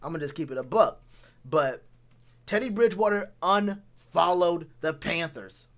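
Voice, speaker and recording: A man with a notably high-pitched voice talks straight to his live chat in a loose sports rant. He is blunt and full of slang, and he circles back on his own phrases to drive a point home. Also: moderate pace, a bit bright. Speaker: sports commentary streamer.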